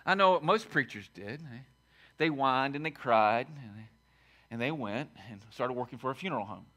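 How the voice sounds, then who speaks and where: A man preaching a sermon as pastor, emphatic and repetitive, swinging from shouted lines to quiet asides. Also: medium pitch, expressive, moderate pace. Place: church sanctuary.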